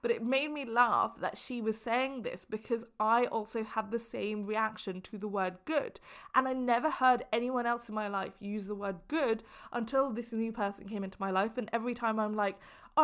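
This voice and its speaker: Animated young woman, slightly high voice. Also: moderate pace. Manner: animated, exaggerating storyteller who laughs often. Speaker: podcast host. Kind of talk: casual solo podcast talk.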